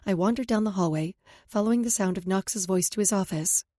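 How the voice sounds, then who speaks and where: A woman's voice: medium pitch, fairly quick, mellow, no room sound. A woman narrating a first-person romance audiobook in an emotive, intimate storytelling manner, recorded on a close studio mic.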